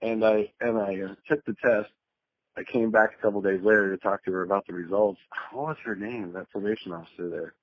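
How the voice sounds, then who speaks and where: A man's voice: fairly low pitch, steady tone, fairly quick, no echo. A man telling rambling, profane stories with laughs as a podcast guest in casual chat. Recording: dull lo-fi remote audio.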